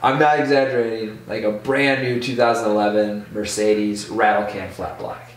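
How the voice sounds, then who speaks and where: A man who is a podcast guest telling a casual story in an animated way, full of "like". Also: fairly low pitch, normal speed, distant mic. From Michigan. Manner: animated, full of "like", acts out voices in quotes. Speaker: podcast guest, BMX rider. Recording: echoey room, off-mic.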